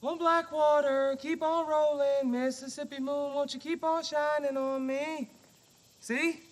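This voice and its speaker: A man putting on a mocking impression of a gentle grown man who half sings his lines in a high, breathy voice. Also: expressive, moderate pace. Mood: mock-innocent. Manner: sing-song, mocking impression. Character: soft-spoken, oddly gentle grown man singing.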